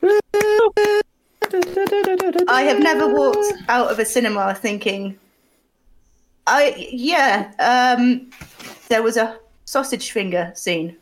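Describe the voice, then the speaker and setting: A woman presents a mock film award with a deadpan, sweary delivery. Her voice sits a little higher. A faint noise runs underneath. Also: slow, poor audio. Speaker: podcast co-host.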